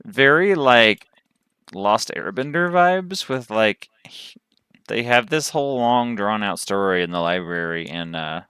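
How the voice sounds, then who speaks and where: A man's voice: on the low side, lively intonation, a little slow, sharp tone, clear, resonant tone, no echo, studio quality. A man from the southern United States giving chatty, rambling commentary as he plays a game on a livestream. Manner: chatty, rambling, thinks aloud while playing. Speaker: game streamer.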